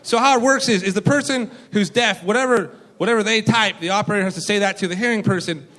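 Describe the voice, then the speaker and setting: Young male stand-up comic, high bright voice, profane, rambling with fillers, stage mic. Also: fast talker. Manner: loose, profane, excitable with frequent fillers. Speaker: stand-up comedian. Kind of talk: stand-up comedy set. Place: comedy club stage with audience.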